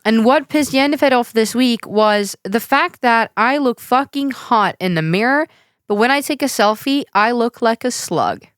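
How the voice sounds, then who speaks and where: Lively teasing woman podcast co-host. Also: a little high, normal speed, clear, resonant tone, no echo, clean studio sound. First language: not English. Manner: teasing, laughs often, lively. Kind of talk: casual chat.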